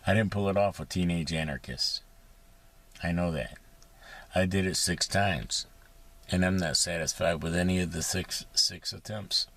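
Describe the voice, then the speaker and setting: A man's voice: sits low, normal speed, a bit bright. A man rambling in a casual monologue from inside his parked vehicle, profane and sarcastic, with many fillers. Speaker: vlogger.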